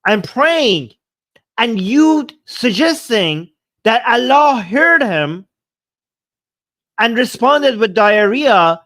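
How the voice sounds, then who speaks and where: A man's voice: very high-pitched, a bit bright. A man hosting a debate show, reacting to a clip with angry, indignant commentary and repeating himself. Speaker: host.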